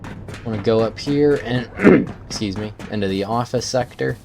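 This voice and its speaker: A man's voice: medium pitch, moderate pace, gravelly. A man casually thinking aloud as he plays a survival game. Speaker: gameplay streamer. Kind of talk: let's-play commentary. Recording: game music underneath.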